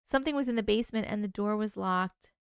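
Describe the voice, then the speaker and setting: A woman's voice: medium pitch, fast, creaky, clean tone, no room sound, studio quality. A woman hosting a late-night livestream, chatting sleepily with her viewers, swearing and yawning as she reacts to their stories. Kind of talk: casual livestream chat.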